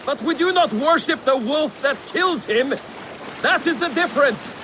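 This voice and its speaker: A brash, boastful Viking warrior speaks in a very high voice. Clear background noise runs under his lines. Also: expressive, moderate pace. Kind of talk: video game voice acting.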